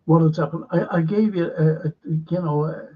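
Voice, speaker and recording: A man in a rambling, opinionated monologue, halting and repeating words, with a sarcastic edge. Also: on the high side, steady tone, muffled recording.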